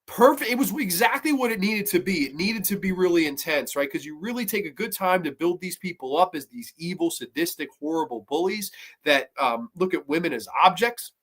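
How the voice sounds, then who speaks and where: A man hosting a horror film review show, retelling scenes in a casual, excitable and profane way. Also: sits high, brisk.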